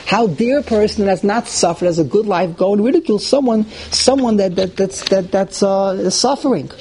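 High-voiced man teaching a text class. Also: moderate pace, a little hiss or hum, poor audio. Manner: translates phrase by phrase, animated and indignant at points. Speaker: Torah teacher.

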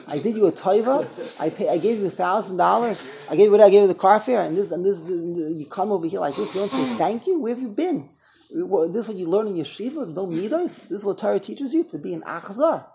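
A man's voice: high voice, animated, fairly quick, vocal fry, warm tone, a little hiss or hum. A man playing a stern old yeshiva mentor. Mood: indignant scolding. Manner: indignant, rebuking.

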